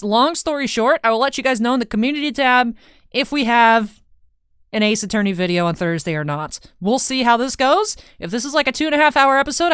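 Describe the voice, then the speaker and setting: A woman's voice: on the low side, clear, resonant tone, no echo, studio quality. A young woman hosting a game playthrough, chatting in a rambling, self-deprecating way. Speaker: let's play host. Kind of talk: casual gaming commentary.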